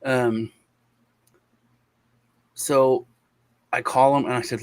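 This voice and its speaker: A man's voice: medium pitch, level tone, very slow, long pauses, darkish tone. A man hosting a show, telling a long story in casual chat over a video call, with lots of restarts and sighs. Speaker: show host.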